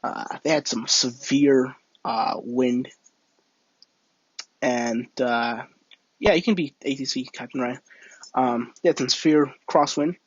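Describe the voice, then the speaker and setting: A man's voice: medium pitch, steady tone, slow, long pauses, slightly rough, dry recording, muffled recording. A young man streaming a flight game, telling a rambling made-up story and chatting with viewers, full of fillers and restarts. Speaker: livestream gamer. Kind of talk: casual live-stream chat and storytelling.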